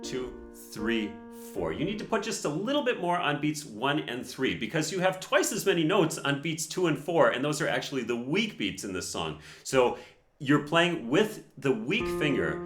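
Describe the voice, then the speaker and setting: Man teaching piano in a roomy space. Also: medium pitch. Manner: explanatory, counts beats and sings rhythms aloud. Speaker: piano teacher reviewing a performance. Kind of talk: casual teaching commentary.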